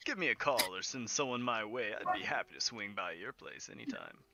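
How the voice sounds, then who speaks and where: A man's voice: fairly low pitch, animated, heavy background noise. A man voicing a flamboyant, vain male bard who dotes on his lover, stretching out his lines theatrically. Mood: doting. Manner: theatrical, affectionate, drawn-out lines. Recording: muffled lo-fi audio.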